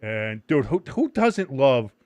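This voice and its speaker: A man hosting a live match watch-along in casual chat. He gets excited easily, swears freely, laughs often and shouts at big moments. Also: medium pitch, takes it slowly, dry recording.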